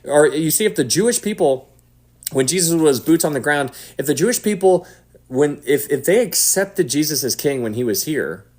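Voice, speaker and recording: A man giving casual Bible teaching to an online audience. He talks in an animated way and drops to a hushed voice for emphasis. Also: on the high side, normal speed. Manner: animated, acts out quotes, drops to a hush for emphasis.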